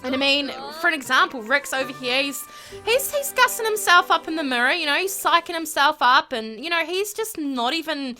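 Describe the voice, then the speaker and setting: A woman's voice: high-pitched, animated, brisk, pushed and bright, soft background music. Chatty woman narrating a life-sim game. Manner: emphatic, chatty, repeats fillers. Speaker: gameplay video host. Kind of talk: casual gameplay commentary.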